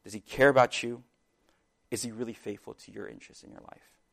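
A man preaching a sermon in an earnest, halting way, with restarts and sudden louder bursts. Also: mid-range voice, fairly even intonation, vocal fry.

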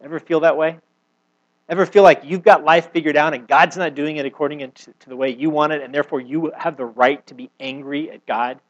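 Middle-aged man, pastor, sermon; slightly raised pitch, expressive scripture reading and retelling. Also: a little fast, dull audio. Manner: reads scripture aloud and retells it with expressive emphasis.

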